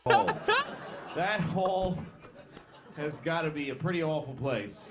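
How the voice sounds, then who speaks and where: A middle-aged man performing a stand-up set on stage, telling rambling, animated stories with sudden yelps and put-on voices. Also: fairly high pitch, unhurried, very noisy. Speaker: stand-up comedian. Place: comedy stage before a live audience. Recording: loud audience laughter, live stage mic. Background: loud crowd laughter.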